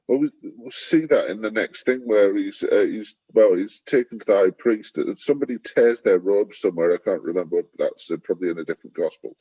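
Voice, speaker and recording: A man's voice: brisk, hardly any pauses, mellow, breathy edge, no room sound. A man talking through a Bible passage in a casual discussion, rambling and acting out the quotes in a jumped-up voice. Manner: rambling, acts out quotes with sudden high pitch. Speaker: church discussion partner. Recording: dull lo-fi sound.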